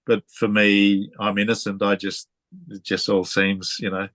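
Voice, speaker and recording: An Australian man interviewing a guest in a relaxed way, telling stories and laughing often. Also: on the low side, measured pace, dry recording. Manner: chatty, storytelling, laughs often. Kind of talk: casual conversational interview.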